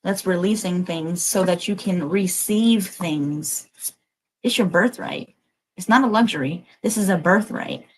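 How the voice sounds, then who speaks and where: A woman's voice: lowish voice, measured pace, a little hiss or hum, rough recording. A woman giving a livestreamed collective tarot reading, emotional and emphatic, urging listeners on and swearing casually. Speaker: tarot reader.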